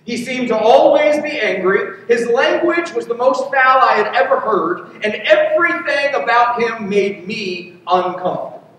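A man's voice: very high voice, expressive, moderate pace, fairly bright tone, slight background noise. A man preaching a sermon as a pastor, telling a personal story in an earnest way. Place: church sanctuary. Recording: echoey hall from far off.

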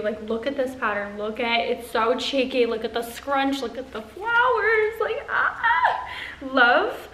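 A woman's voice: a little high, a bit bright. A woman in her twenties, a vlogger casually unboxing a haul, gushing and bubbly with lots of fillers. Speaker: influencer vlogger. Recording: echoey room with faint ambient noise.

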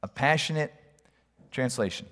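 A man's voice: medium pitch, lively intonation, a little slow, a bit bright. A middle-aged male pastor preaching a sermon in a church, telling stories in a conversational, humorous way. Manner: storytelling, conversational, humorous asides. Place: church hall. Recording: long hall reverb.

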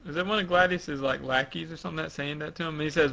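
A man's voice: on the high side, vocal fry. A young man hosting a casual podcast, hesitantly walking through a comic chapter with many fillers. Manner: slow, hesitant, reading out quotes with shouted emphasis. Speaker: podcast host. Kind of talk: casual chat recapping a manga chapter. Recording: dull lo-fi sound.

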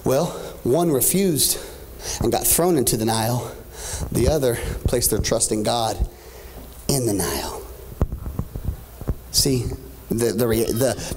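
A man's voice: medium pitch, expressive, unhurried, pauses often, background noise. A man in his thirties preaching a sermon as pastor, swinging from joking asides to rising, half-sung climaxes. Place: church stage.

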